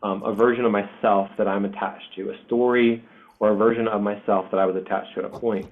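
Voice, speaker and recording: Man, 40s, low voice, candid emotional storyteller with swearing and fillers, heard over thin phone-like call audio. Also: flat delivery, fast talker. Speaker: spiritual group host. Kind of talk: casual personal storytelling. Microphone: online video session.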